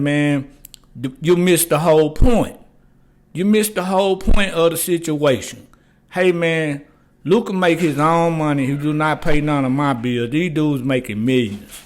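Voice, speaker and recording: An older man hosts a casual sports talk show from his garage. His voice sits a little high, and he talks loose and rambling in street slang, dropping "man" into almost every line. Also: fairly even intonation, a little slow. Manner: loose, rambling, slangy, repeats "man" and "you know what I'm saying". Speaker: podcast host.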